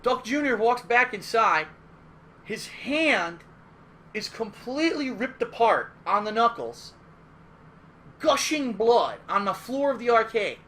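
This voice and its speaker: Bright, high-voiced man telling stories. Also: takes it slowly, slight background noise. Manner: animated, profane, emphatic retelling. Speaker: gaming streamer. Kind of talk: casual storytelling.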